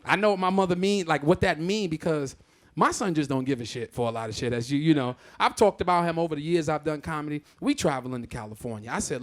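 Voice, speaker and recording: Lively, high-voiced stand-up comedian man. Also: fast. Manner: loud, exclamatory, profane storytelling. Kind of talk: live stand-up set. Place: theatre stage.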